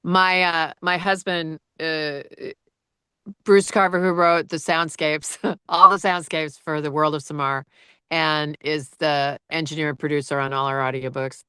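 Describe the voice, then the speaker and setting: A woman who narrates audiobooks talks in an easy, chatty way and laughs often as she tells stories. Her voice sits low but rings bright and crisp. The recording is close and dry, with little room sound. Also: steady tone, measured pace, no room sound. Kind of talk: casual chat.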